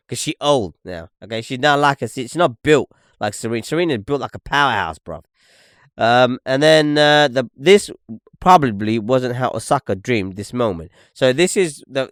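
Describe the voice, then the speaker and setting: A man's voice: mid-range voice, clear, resonant tone, dry recording, studio quality. A young man hosting a podcast, ranting and swearing as he comments on video clips, repeating "look" and "okay". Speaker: podcast host.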